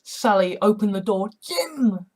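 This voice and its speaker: A woman's voice: fairly low pitch, steady tone, normal speed, a little mellow, low-quality recording. A woman narrating an audiobook in a loose, casual reading with occasional stumbles and asides.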